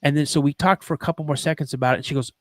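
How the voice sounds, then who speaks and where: A man's voice: fairly high pitch, fairly even intonation, very fast, no room sound. A man hosting a podcast, earnestly telling a personal story and acting out the dialogue, with frequent ums. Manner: earnest and emotional, reenacts dialogue, many ums. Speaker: podcast host.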